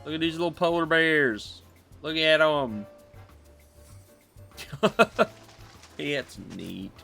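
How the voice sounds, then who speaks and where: A man's voice: on the high side, lively intonation, takes it slowly, creaky, sharp tone. A man chatting casually while he plays a game, laid-back and self-mocking. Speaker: gaming video creator. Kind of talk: casual gameplay commentary. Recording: faint game music behind.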